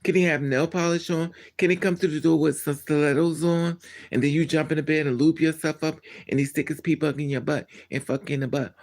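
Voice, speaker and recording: A man talking casually to his live-stream chat, speaking on the higher side with a gravelly, crackly edge. He is blunt and candid, and his delivery is animated, often breaking into laughter or trailing off. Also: fairly quick.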